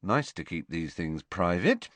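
Brief: man voicing a plain teenage lad, low-key and dry delivery. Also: big pitch swings, a little slow, dry recording. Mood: blunt. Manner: blunt, understated. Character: teenage boy, blunt and plain.

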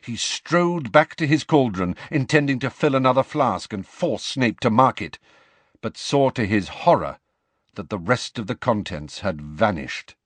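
A man reading a novel aloud as an expressive audiobook narrator. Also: a little slow, breathy edge, no echo. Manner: expressive storytelling with wide pitch swings. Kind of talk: scripted narration.

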